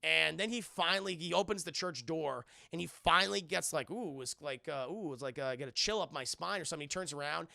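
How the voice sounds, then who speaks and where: A man recapping a film to a live chat in a rambling, profane, animated way, with a gravelly voice. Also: fairly high pitch, fairly quick, few pauses, no echo. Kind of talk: casual spoken film recap.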